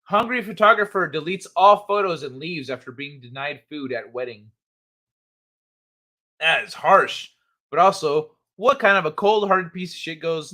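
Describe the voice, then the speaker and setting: Bright high-voiced man, laughing stream host. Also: animated, moderate pace. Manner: laughs often, swears freely, reads headlines aloud. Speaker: livestream host. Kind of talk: casual late-night stream chat.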